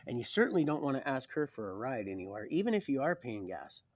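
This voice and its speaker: A man rambling through a personal life story on a livestream, jumping between loud bursts and quiet mutters. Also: mid-range voice, very animated, quick pace, no room sound. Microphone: streaming mic.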